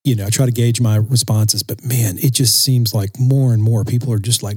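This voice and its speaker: A man's voice: medium pitch, fairly quick, few pauses, darkish tone, dry recording. A man, a podcast co-host, ranting in casual chat, self-described as impatient.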